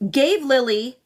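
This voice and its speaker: A woman on a casual commentary livestream, reading documents aloud and breaking into laughing asides to her chat. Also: high voice.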